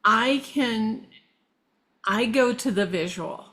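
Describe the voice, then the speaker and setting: A middle-aged woman talking casually as a guest, meandering and halting with restarts. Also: on the high side, bright, forceful tone. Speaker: guest, shamanic practitioner. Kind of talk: casual conversation.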